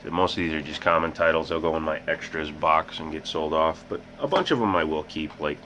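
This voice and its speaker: A man's voice: rumbling low, fairly quick, few pauses. A man hosting a casual game collection vlog, rambling and making joking asides about himself. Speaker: host. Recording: muffled with loud background hiss.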